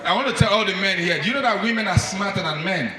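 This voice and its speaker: A man doing stand-up, telling a story in an animated way and speaking straight to the men in the audience. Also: high voice, fast talker, heavy background noise. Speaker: stand-up comedian. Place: comedy club stage. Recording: echoey live club, from far off, crowd.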